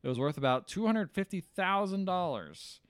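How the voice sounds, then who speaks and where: A man's voice: high-pitched, lively intonation, moderate pace, clear, resonant tone, no echo, studio quality. A man co-hosting a podcast who chats about a movie with sarcastic, profane banter. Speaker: podcast co-host. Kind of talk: casual movie discussion.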